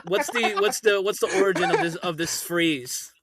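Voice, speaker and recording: A man's voice: sits high, moderate pace, very noisy. A young man from Florida with a Florida accent, co-hosting a casual sports podcast, joking and teasing with loose swearing. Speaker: podcast co-host.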